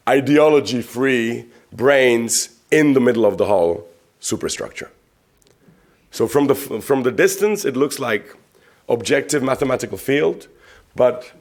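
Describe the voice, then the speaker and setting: A man's voice: medium pitch, gravelly. A man from the Czech Republic giving a conference talk, conversational, asking rhetorical questions and repeating words as he searches for them. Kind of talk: public talk. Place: conference venue.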